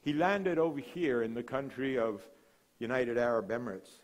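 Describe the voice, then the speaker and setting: Man preaching with dramatic hushes. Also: mid-range voice, normal speed. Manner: dramatic preaching with sudden drops to a hush; storytelling, relaxed asides. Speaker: guest speaker, missionary. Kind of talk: sermon.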